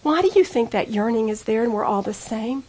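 A woman's voice: fairly high pitch, animated, a little fast, darkish tone, husky. A woman giving an earnest personal testimony sermon to women, storytelling intimately and pleading with the listeners. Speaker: women's speaker.

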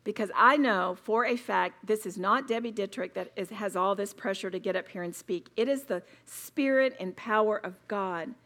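A woman's voice: mid-range voice, normal speed, few pauses, a bit bright. A woman speaking at a women's retreat, preaching emphatically and repeating words for stress. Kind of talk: sermon.

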